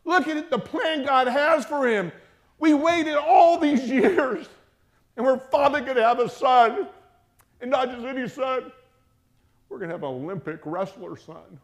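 Preacher putting on an old priest, giddy and boastful, loud, high-pitched. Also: male voice, fast, creaky, few pauses. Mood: elated. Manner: loud, slangy and excited.

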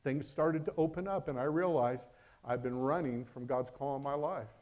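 Here a middle-aged pastor gives a forceful sermon that swings from loud proclamations to soft asides. He speaks at a medium pitch and an ordinary pace.

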